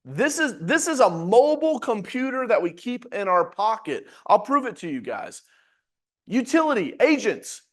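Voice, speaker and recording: A man's voice: high voice, sing-song, normal speed. A man teaching a live webinar as a sales coach, talking energetically and emphatically in slangy, direct address to his audience.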